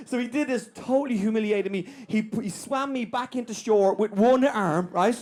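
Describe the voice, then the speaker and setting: Irish man, stand-up comedian, high voice, gravelly, storytelling, keeps asking "right?". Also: darkish tone. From Ireland. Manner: rapid anecdote, tags lines with "right?". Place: small comedy venue with live audience.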